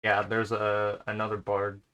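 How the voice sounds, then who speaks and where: A man's voice: lowish voice, completely flat delivery, unhurried, pushed and bright. A man running an online tabletop game as game master, explaining the rules patiently.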